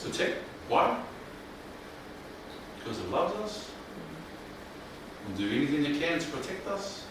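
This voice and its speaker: A man leading a mental health workshop, speaking in a colloquial, animated way and often questioning the audience. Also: on the high side, unhurried, pauses often. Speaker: workshop presenter. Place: room with live audience. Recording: echoey room, distant mic, faint noise.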